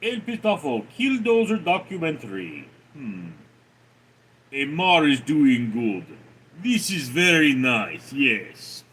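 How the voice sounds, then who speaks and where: A man hosting a casual livestream, rambling offhandedly and greeting viewers from the chat. His voice is bright, his pitch swings widely, and he talks at an unhurried, drawn-out pace. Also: very animated, husky, poor audio. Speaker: livestream host.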